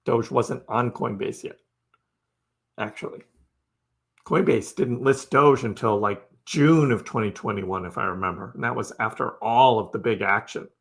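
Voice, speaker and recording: A man's voice: medium pitch, normal speed, gravelly, husky. Laid-back man hosting a crypto live stream. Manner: chatty and laid-back, laughs often, talks to chat by name. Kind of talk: casual live stream chat, reading viewer comments.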